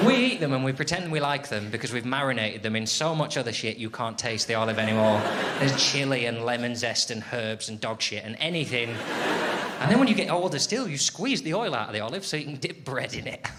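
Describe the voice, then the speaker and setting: A man's voice: mid-range voice, animated, brisk. An English man performing a stand-up comedy set on stage, ranting in an exasperated, sardonic way and bantering with the crowd. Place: live comedy venue, audience laughing. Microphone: stage microphone. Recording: live show with loud crowd noise.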